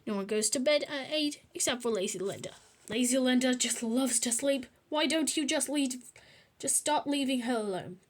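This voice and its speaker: A woman voicing a bratty schoolboy who yells and jeers at his brother. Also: high-pitched, normal speed. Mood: jeering. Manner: yelling, jeering.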